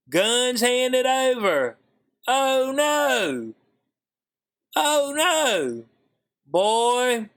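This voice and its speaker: A man giving casual vlog commentary, animated and slangy, swinging from high incredulous exclamations to low muttered asides. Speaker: YouTube commentator.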